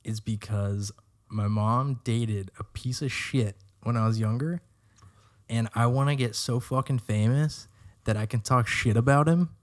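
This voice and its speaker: A young man co-hosting a casual podcast, telling animated stories and swearing freely. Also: mid-range voice, unhurried. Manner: animated storyteller, swears a lot, acts out quotes. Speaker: podcast co-host. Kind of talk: casual chat.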